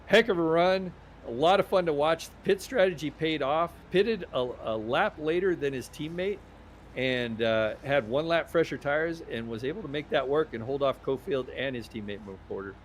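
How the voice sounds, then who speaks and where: A man doing lively play-by-play commentary for an online truck race. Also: on the high side, normal speed, slight background noise. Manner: excited, rising when the action heats up. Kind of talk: sim racing play-by-play commentary.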